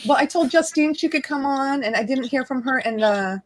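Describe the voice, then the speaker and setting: A woman's voice: high-pitched, a little fast, low-quality recording. A woman hosting a casual live-stream chat on a video call from home, bubbly and giggly as she chats while cooking. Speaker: host of a live stream hangout.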